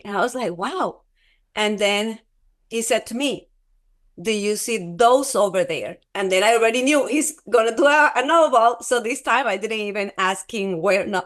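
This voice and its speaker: A woman guest telling a personal testimony in an interview, halting and repeating herself, acting out quoted dialogue as she goes. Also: fairly high pitch. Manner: halting, repeats words, restarts often; animated retelling with quoted dialogue.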